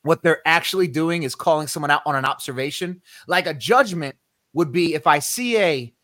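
On a casual faith podcast, a male co-host with a slightly high, fairly bright voice teaches scripture at a moderate pace, emphatic, a little preachy, and sprinkling in slang. The recording is dry and close, with no room sound around him.

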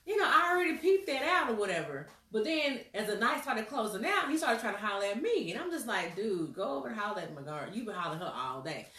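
A woman, hosting a casual chat, laughing often and telling stories with lively impressions of people. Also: fast, hardly any pauses. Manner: animated, laughs often, mimics people in high voices. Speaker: host. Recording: roomy, a bit far from mic.

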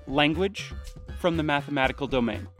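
A man hosting a podcast in scripted narration, loud and brash with a playful, teasing manner. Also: a little high, moderate pace, over music. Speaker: podcast host.

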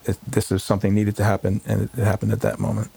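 Low gravelly rabbi recalling a hard day. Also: male voice, completely flat delivery, dark tone. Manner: halting, full of fillers and restarts. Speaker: rabbi, interview guest. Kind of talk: emotional personal recollection. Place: home.

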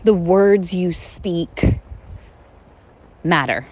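A woman's voice: on the low side, drawn-out words, darkish tone, rough recording. A woman giving a casual motivational talk, earnest and emphatic, repeating words for stress.

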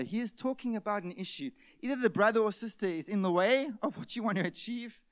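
Male pastor, high voice, animated sermon with acted-out outbursts, dry close sound. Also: no echo. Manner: animated, acts out scenes with sudden shouted outbursts.

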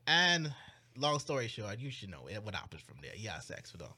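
Animated young man recounting a plot. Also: mid-range voice, breathy edge. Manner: animated, mock-outraged storytelling with quick put-on voices. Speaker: podcast co-host. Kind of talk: casual podcast chat, recounting a plot.

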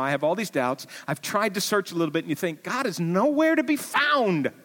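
Animated male preacher in a reverberant hall. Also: mid-range voice. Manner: animated storyteller, swinging from loud to hushed. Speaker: pastor. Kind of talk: Easter sermon. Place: church auditorium.

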